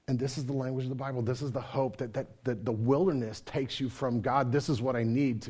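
A male pastor preaching a sermon, rising loud and quieting low as he talks. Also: fairly even intonation, a little fast, slightly rough. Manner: dynamic preaching, swings from loud to soft.

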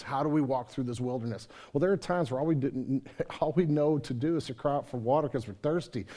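Man preaching with wide swings in loudness. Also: on the high side. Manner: dynamic preaching, swings from loud to soft. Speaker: pastor. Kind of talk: sermon.

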